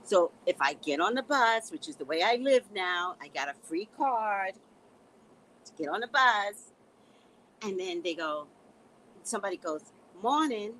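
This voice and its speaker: Her medium-pitched voice is expressive and a bit bright, paced in a measured way, as this middle-aged psychic reader runs a casual live stream. She's blunt and sassy, laughs as she talks, and calls the audience "guys," while the rough audio has some hiss or hum.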